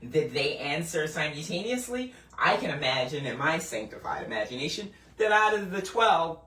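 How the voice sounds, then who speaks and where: A woman giving a conversational Bible teaching, animated and full of restarts as she works through a passage. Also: sits low, moderate pace. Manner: animated, acts out quoted voices, frequent restarts. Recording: roomy, mic at a distance.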